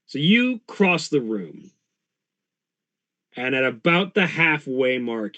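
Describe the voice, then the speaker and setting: A man running a tabletop game as game master, narrating in a relaxed, easygoing way. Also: medium pitch, slow.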